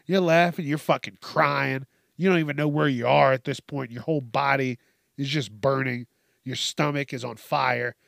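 A man with a mid-range voice and some vocal fry speaks at normal speed in a dry, studio-quality recording. Hosting a casual solo podcast, he rants animatedly, swears a lot and acts out quoted lines.

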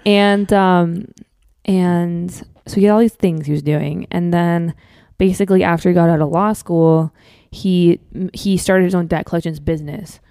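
A woman's voice: fairly low pitch, fairly even intonation, moderate pace, dark tone, clear, resonant tone, dry recording, studio quality. A young woman from Minnesota, a comedian guesting on a podcast, talking candidly and swearing freely. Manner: candid, swears freely, acts out quotes in a raised voice. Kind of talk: casual chat.

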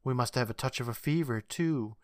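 A man putting on a soft, sinister woman nurse. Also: a little fast, dry recording, studio quality, lightly acted. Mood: menacing. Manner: low, quiet, coaxing menace.

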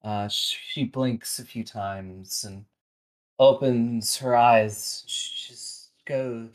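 A game master narrating a tabletop role-playing game. The speech is slow and soft, full of ums and restarts. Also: mid-range voice, steady tone, low-quality recording. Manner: soft-spoken, hesitant with many fillers.

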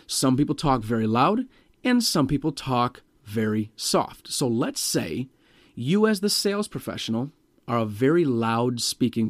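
A man teaching sales professionals about vocal pitch and volume, speaking emphatically and directly. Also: no echo, studio quality. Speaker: sales trainer. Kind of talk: instructional talk on vocal tonality.

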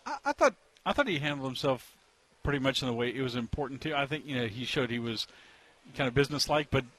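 A man talking as a sports columnist in a relaxed conversation, offering candid opinions. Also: mid-range voice, fast talker. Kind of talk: casual conversation as a guest.

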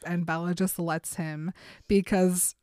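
A woman's voice: on the low side, flat delivery, slow pace, darkish tone, dry recording, studio quality. A woman casually recapping a book, acting out the characters' lines as she goes.

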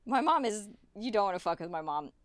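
A woman's voice: mid-range voice, very animated, brisk, background noise. A woman guest chatting casually in an interview, rambling with many fillers and tangents. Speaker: guest artist.

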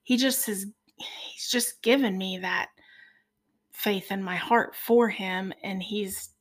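A woman in her forties, a podcast guest, telling a personal faith testimony in an earnest, soft-spoken way that sometimes drops almost to a whisper. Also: mid-range voice, takes it slowly. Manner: earnest, tearful at moments.

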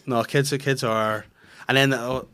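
A man's voice: mid-range voice, steady tone, a little slow, bright, forceful tone. A man, hosting a podcast and telling sweary, casual family stories with his children's voices acted out. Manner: swearing storyteller who acts out his kids' voices. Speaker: podcast host. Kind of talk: casual chat.

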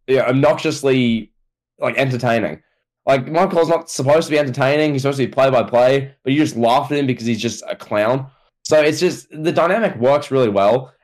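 Guy cohosting a podcast, rambly, lots of likes and restarts, mid-pitched voice. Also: a little mellow. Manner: rambling, repeats words, fillers. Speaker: podcast co-host. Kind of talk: casual podcast chat.

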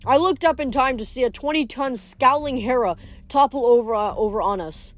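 A woman reading a novel aloud in steady narration, now and then stumbling over a word. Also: on the high side, fairly quick, faint music behind. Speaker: reader.

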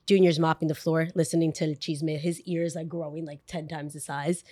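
A woman podcast host telling a story in a casual monologue. She talks in an animated, chatty way and uses a lot of "like" asides. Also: low voice, a little fast, hardly any pauses.

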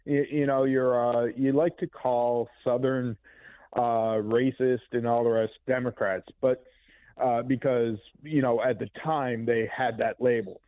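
A man calling in to a radio show, hesitant and halting as he argues his point. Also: mid-range voice, steady tone, no echo. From Falls Church, Virginia area. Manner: hesitant, halting, full of restarts. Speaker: caller. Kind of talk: call-in radio conversation. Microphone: telephone. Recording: tinny phone line.

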